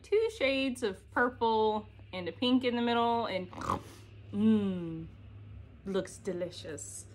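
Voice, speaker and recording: At home, a woman vlogs about cross-stitch, chatting casually to a camera perched on an ironing board. Her mid-range voice comes with a little hiss or hum, and she's giggly and self-deprecating.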